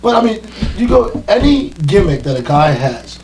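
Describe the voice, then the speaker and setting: A man who is a guest in a casual round-table chat, an excitable storyteller who acts out what people said. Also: high-pitched, moderate pace. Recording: slightly distant mic with faint hum.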